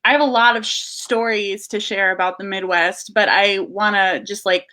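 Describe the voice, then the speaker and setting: A woman's voice: mid-range voice, fairly even intonation, normal speed, sharp tone. A woman from Southern Virginia co-hosting a political talk show, telling personal stories in an earnest, conversational way. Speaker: co-host. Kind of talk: casual political chat.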